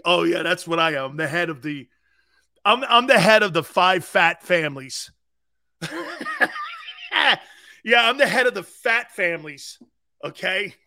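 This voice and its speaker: A middle-aged man hosting a sports talk show, loud and boisterous, laughing often and mocking people in impressions. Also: fairly high pitch, creaky.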